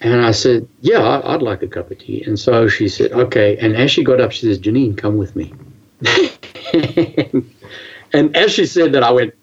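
A man telling a personal story in a casual, animated way, halting often and restarting his sentences. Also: medium pitch, husky, lo-fi sound.

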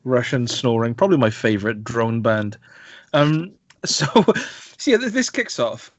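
Casual podcast co-host, male, jokey and lively, dry dull lo-fi mic. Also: mid-range voice, a little slow, dry recording. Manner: animated, jokey, mimics film voices. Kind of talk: casual film review chat.

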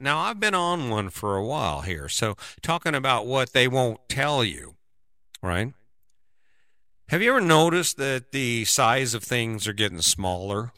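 A man's voice: mid-range voice, bright, forceful tone, dry recording, clean studio sound. A middle-aged man giving a casual, rambling opinion monologue, often tagging on "right?". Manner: rambling, keeps asking "right?".

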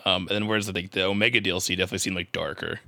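Brief: very deep, bright-toned man, rambling casual chat, dry sound. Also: rapid-fire, vocal fry, no echo. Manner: relaxed, rambling.

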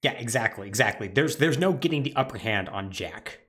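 A man's voice: medium pitch, lively intonation, brisk, fairly bright tone. A man co-hosting a podcast, casually recapping a video game's story and briefly acting out the characters' lines. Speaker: podcast co-host. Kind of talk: casual game recap chat.

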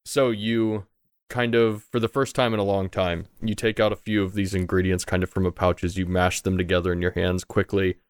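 A man's voice: low-pitched, little pitch movement, fairly quick, clean tone, dry recording, clean studio sound. A man narrating a tabletop game as game master, in a loose, conversational way and casually swearing.

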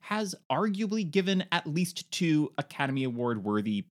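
A male podcast co-host chatting casually about films. His pitch swings widely as he talks. He laughs often and keeps things chatty. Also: big pitch swings, moderate pace. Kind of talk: casual chat.

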